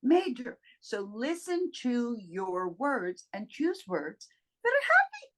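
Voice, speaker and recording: High-pitched enthusiastic woman. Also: huge pitch swings, slow, a bit bright. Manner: emphatic, enthusiastic, playful. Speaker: co-host. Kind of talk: casual coaching chat.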